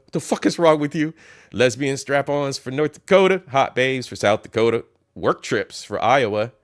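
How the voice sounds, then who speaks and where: A man hosting a casual reaction commentary, mocking and profane as he reads through a list. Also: on the low side. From Ohio. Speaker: commentary host.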